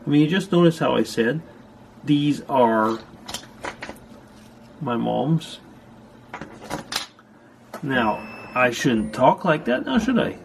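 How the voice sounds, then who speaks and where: Gravelly older man chatting at home. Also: mid-range voice, big pitch swings, slow pace, long pauses. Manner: rambling, chatty, with dry asides. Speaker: vlogger. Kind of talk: casual chat to camera. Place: upstairs room at home. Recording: faint scanner hum behind. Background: slide scanner noise.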